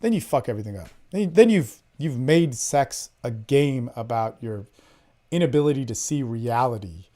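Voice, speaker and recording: A man hosting a podcast, coaching listeners on dating in a blunt, profane way, swinging between loud emphasis and low murmurs. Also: moderate pace. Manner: animated, acts out his own lines in a hushed voice. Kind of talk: casual coaching talk.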